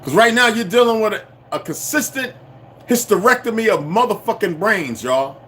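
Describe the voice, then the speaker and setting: Profane ranting man, loud then muttering. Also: sits high, lively intonation, normal speed, a little hiss or hum. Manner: profane, confrontational, swings from shouting to muttering. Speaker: channel host. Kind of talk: unscripted rant to viewers.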